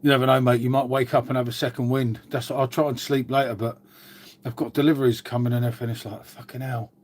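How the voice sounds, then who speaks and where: A man's voice: medium pitch, little pitch movement, quick pace, darkish tone. A British man hosting a casual livestream, chatting and swearing freely while greeting and answering viewers. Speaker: livestream host. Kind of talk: casual live-stream chat.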